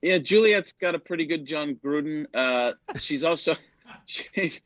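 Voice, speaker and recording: A man's voice: fairly high pitch, a little slow, no room sound, low-quality recording. A man, a comedian guest, telling stories in casual chat and dropping into character voices. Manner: animated, slips into character voices mid-story. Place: lives in Arizona.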